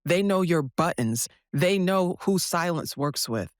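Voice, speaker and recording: A woman's voice: lowish voice, lively intonation, unhurried, no echo, clean studio sound. A woman therapist speaking as a podcast guest, passionate and emphatic, often asking rhetorical questions. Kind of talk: casual podcast conversation.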